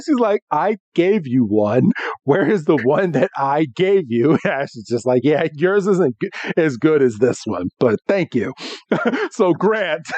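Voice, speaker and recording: A man with a fairly high, very animated voice recaps a cartoon episode on a podcast, laughing often as he goes. He talks slowly and keeps his sentences loose. The sound is dry, with no room around it. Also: no room sound. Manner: giggly, frequent laughs and fillers while retelling scenes. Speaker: podcast co-host. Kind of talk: casual episode recap chat.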